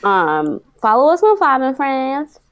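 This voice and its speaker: Lively, playful young woman. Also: sits high, clean tone. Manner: playful, quick to joke. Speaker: podcast co-host. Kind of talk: casual chat.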